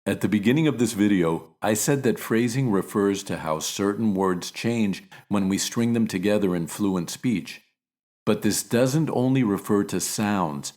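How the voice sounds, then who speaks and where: Deep-voiced American man teaching pronunciation. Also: a little mellow. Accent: American English. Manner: clear, measured, repeats examples slowly. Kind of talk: scripted pronunciation lesson.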